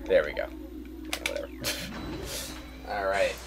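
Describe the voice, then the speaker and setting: A man's voice: deep voice, unhurried, background noise. A man hosting a let's play, chatting and laughing as he plays through the game. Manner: chatty, distracted, laughs often. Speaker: let's play host and player. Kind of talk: casual gameplay commentary.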